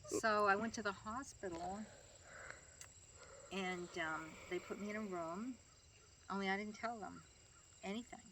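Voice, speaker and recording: An older grandmother being interviewed tells family stories chattily, laughing and performing the people she quotes. She speaks in a mid-range voice at a measured pace with long pauses, over background noise.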